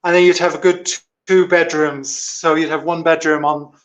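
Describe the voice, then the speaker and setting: Relaxed man showing a house on a video call. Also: on the high side, moderate pace, highs cut off. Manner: relaxed, hesitant, with frequent ums. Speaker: guest on a live video link. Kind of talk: casual property tour over video call. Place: inside an old house.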